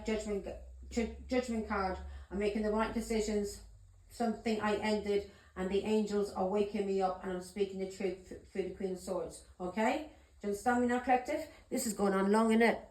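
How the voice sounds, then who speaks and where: A woman's voice: mid-range voice, darkish tone, echoey room, poor audio. A woman giving a tarot reading to her viewers, talking in an insistent, repetitive, accusing way. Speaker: tarot reader.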